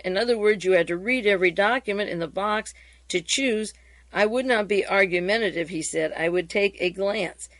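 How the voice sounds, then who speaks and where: Reading hearing transcripts on air and commenting on them, this female radio host keeps a steady reading voice, now and then slipping in fillers or restarting. Her pitch is mid-range and the recording has no echo.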